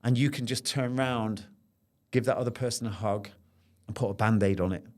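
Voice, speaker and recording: A man's voice: lowish voice, fairly quick, a little mellow. A middle-aged man speaking as a podcast guest, telling a personal story in an earnest, intense way and repeating phrases as he relives it.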